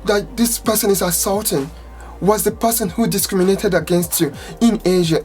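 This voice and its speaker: A woman salon owner giving an impassioned, angry rant to camera, exasperated and swearing, with outbursts that climb in pitch. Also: moderate pace, darkish tone, faint music behind. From United States.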